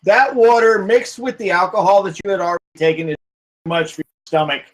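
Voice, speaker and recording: Heard through poor audio, a brisk, high-pitched man runs a tabletop game. As game master he narrates the scenes in a rambling style, full of fillers and restarts while describing.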